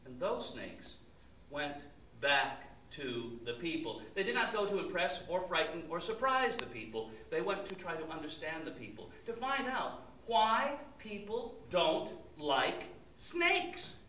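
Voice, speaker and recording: A woman telling a story in an expressive, sing-song way. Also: lowish voice, unhurried. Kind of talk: animated storytelling. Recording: roomy, distant mic, faint hiss.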